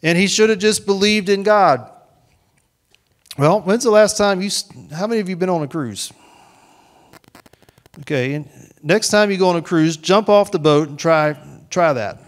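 A man delivering a church sermon with a voice pitched a little higher than most men. He preaches earnestly in a conversational way, repeating words and restarting phrases, and speaks reassuring lines as if in God's voice. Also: normal speed, pauses often. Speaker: pastor.

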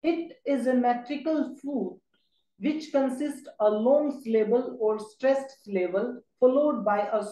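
A woman giving a recorded exam-prep lecture, pausing often with "uh" fillers. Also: mid-range voice, dark tone. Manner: halting, with many "uh" fillers. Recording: echoey room.

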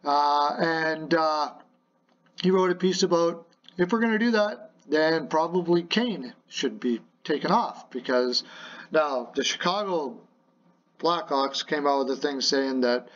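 A man's voice: a little high, a little slow, dull audio. A man hosting a casual hockey rumour show from his apartment, playful and jokey, rambling with lots of fillers. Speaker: hockey podcast host. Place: home apartment.

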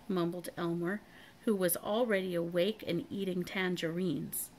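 A woman reading a children's chapter book aloud in a calm, even storytelling voice. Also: fairly low pitch, measured pace. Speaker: storybook reader.

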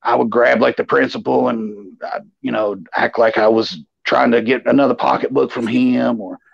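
A man's voice: mid-range voice, steady tone, normal speed, creaky, breathy edge, no room sound. A man co-hosting a live chat, telling a long, rambling story with lots of "you know". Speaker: co-host. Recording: slightly dull, lo-fi sound.

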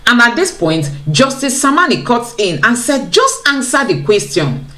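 A young woman recaps a courtroom transcript for her viewers, her fairly high voice rising and falling a lot. She talks to them in a chatty, engaged way and mixes in her own remarks. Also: big pitch swings, moderate pace, fairly bright tone. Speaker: channel host. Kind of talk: reading a court transcript with commentary.

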